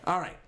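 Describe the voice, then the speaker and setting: A man doing a casual livestream reaction to a manga chapter, reading panels aloud and chatting with his viewers. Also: slight background noise. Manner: animated, reads panels aloud and chats to viewers. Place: temporary room away from home. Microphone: webcam setup.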